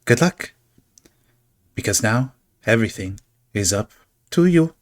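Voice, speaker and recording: A man's voice: fairly low pitch, animated, a little slow. A man voicing a flamboyant, whimsical male showman in a tabletop game, talking in a theatrical, sing-song way. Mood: teasing.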